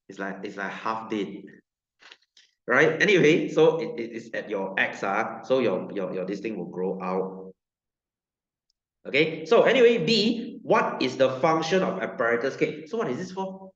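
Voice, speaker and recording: A Malaysian man runs a relaxed science lesson, joking with his students and laughing between points. His voice sits at a middle pitch. The recording is roomy and a little dull, as if made in a bare room. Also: unhurried. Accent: Malaysian English. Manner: joking, chatty, laughs often, mixes in Malay. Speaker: science teacher. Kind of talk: online class teaching.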